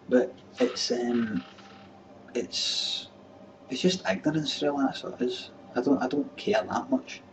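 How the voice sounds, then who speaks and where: A Scottish man in his thirties hosts a webcam show, answering viewer questions in a blunt, sweary, exasperated rant of casual chat. His voice is mid-range, a little slow, with lively intonation, picked up by a distant webcam mic with faint room noise.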